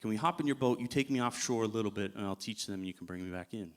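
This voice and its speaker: A man's voice: fairly low pitch, very fast, lightly acted. A man voicing a tired, blunt male fisherman in casual everyday speech, recorded in a church. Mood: friendly request.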